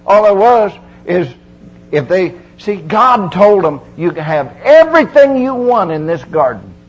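A middle-aged preacher giving a folksy, emphatic sermon full of repeated phrases. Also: male voice, high voice, very animated, measured pace, breathy edge, low-quality recording.

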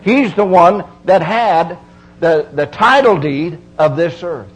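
A middle-aged preacher giving a folksy, emphatic sermon full of repeated phrases. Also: male voice, high voice, animated, takes it slowly, husky, rough recording.

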